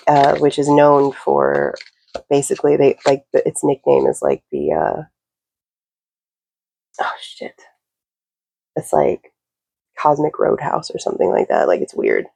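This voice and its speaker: A woman's voice: a bass voice, creaky, dark tone, no room sound, poor audio. A woman giving a casual spoken reading to camera, rambling with lots of fillers and the odd swear word.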